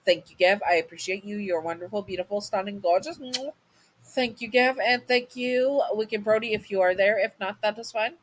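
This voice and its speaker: A woman's voice: mid-range voice, moderate pace, a little hiss or hum, low-quality recording. A woman casually reading a second-person fan audio story, often stumbling over and restarting words.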